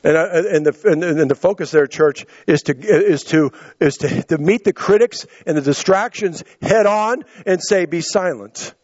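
High-voiced preacher man, out of breath. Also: normal speed, few pauses, a little mellow, no echo, highs cut off. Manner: impassioned preaching, acting out quotes with rising pitch, stammering restarts. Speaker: pastor. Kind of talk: sermon.

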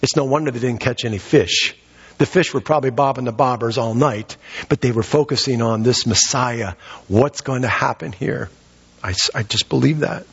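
A man's voice: medium pitch, normal speed, creaky, breathy edge. A man preaching a sermon, retelling scripture and asking his congregation rhetorical questions. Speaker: pastor. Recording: reverberant hall, dull muffled sound.

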